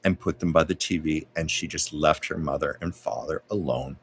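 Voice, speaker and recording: A man's voice: a bass voice, normal speed, husky. A man hosting a livestream, telling anecdotes in a conversational way with little asides. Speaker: host. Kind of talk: storytelling livestream chat.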